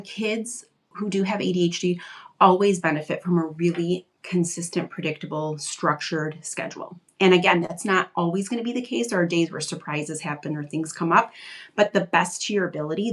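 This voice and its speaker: A woman's voice: on the low side, steady tone, fairly quick. A woman giving parenting advice in a casual live question-and-answer stream, conversational and reassuring, with lots of "like". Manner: conversational, reassuring, frequent "like" fillers. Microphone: live video stream.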